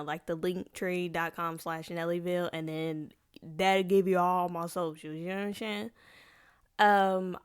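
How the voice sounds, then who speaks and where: A woman's voice: lowish voice, clear, resonant tone. A young woman hosting a solo podcast, chatting casually in a rambling, playful, slangy way full of restarts and asides. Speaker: podcast host.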